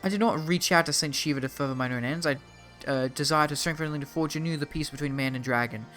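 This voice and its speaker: An Australian man reading the lines of a proud, earnest young woman mystic in a formal, even way. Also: on the high side, fast talker, faint music behind, natural voice. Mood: indignant. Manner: reading quest dialogue aloud in an even, formal way.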